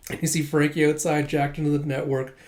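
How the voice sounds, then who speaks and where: A man's voice: fairly high pitch, flat delivery, brisk, darkish tone. Chatty man recapping a comic. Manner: chatty, laughing, many fillers. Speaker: comic chapter reader and commentator. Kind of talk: casual chapter recap.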